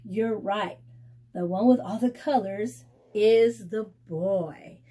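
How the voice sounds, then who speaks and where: A woman's voice: slow pace, dark tone. A woman teacher reading a storybook lesson to young children, sing-song and questioning, praising them and making playful animal sounds. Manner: playful animal sounds and exaggerated pitch swoops.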